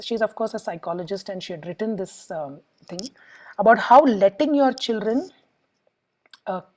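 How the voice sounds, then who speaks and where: Medium in pitch with a darkish tone, a middle-aged psychologist with an Indian English accent teaches parents about emotions in a step-by-step lecture, voicing what clients and children say as examples. It's a low-quality recording.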